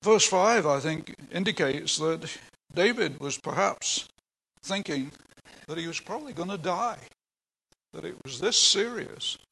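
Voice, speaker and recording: Gravelly older preacher. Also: male voice, on the high side, animated, a little slow, bright, forceful tone, poor audio. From England. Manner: earnest, emphatic, plain-spoken teaching with asides. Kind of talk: sermon.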